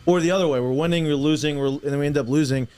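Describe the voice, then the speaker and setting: A man's voice: fairly high pitch, fairly even intonation, racing, mellow. A man in casual sports chat who gives emphatic opinions and repeats his points.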